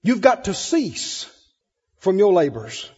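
A man preaching a sermon, animated, swinging between loud emphasis and soft asides. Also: high voice, takes it slowly, breathy edge, in a large hall, muffled recording.

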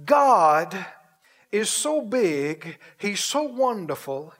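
A man preaching a sermon with exuberant energy, stretching out his phrases for emphasis and breaking into laughter and shouted exclamations. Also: high-pitched, very animated, very slow.

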